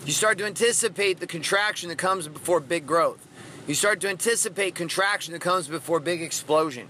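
A man's voice: high-pitched, fairly quick, pushed and bright, a little hiss or hum. Brash, profane motivational man. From Washington state, USA. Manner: brash, profane, punchy delivery with dramatic swings. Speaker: podcast host. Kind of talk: motivational monologue.

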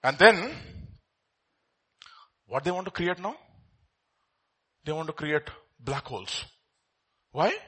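A man from India delivers a sermon in a bright, slightly raised voice with a husky edge. He swings between loud, emphatic bursts and hushed, confiding asides, pushing key words hard. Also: fairly high pitch, lively intonation, slow pace, pauses often. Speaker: preacher.

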